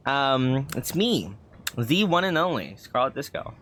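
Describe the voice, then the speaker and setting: A man's voice: medium pitch, big pitch swings, a little slow, a bit bright. A man streaming a game, chatting casually and rambling with lots of fillers. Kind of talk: casual gameplay commentary.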